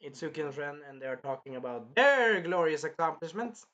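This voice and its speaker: A man's voice: a little high, sing-song, moderate pace, pushed and bright, lo-fi sound. A man casually reviewing an anime episode, rambling, swearing freely and jumping into character quotes.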